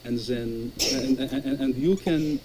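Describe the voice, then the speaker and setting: A man putting on a Russian accent as a caller, telling a story in halting, article-dropping speech with many repeated words. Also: mid-range voice, dark tone, a little hiss or hum, lightly acted, rough recording. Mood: storytelling. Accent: put-on Russian.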